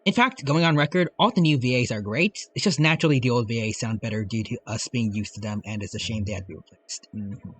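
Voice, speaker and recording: A man's voice: mid-range voice, fast talker, few pauses, slightly rough. A man streaming a video game live, chatting in a casual, rambling and joking way. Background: game music.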